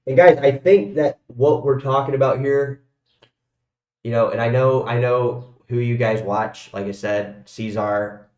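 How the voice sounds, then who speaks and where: Guy ranting on a live stream, swears a lot, loud then mumbly, roomy echo. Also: mid-range voice. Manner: rambling, profane, swings from loud to mumbled. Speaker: crypto livestream host. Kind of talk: casual livestream rant. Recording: echoey room.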